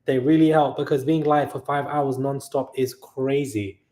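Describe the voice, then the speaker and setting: A tired man hosting a long live stream, chatting casually and reading out viewer messages, sometimes loud and sometimes quiet. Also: mid-range voice, steady tone, normal speed. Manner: chatty, laughing, shifts between loud and quiet. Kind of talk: casual live chat reading super chats.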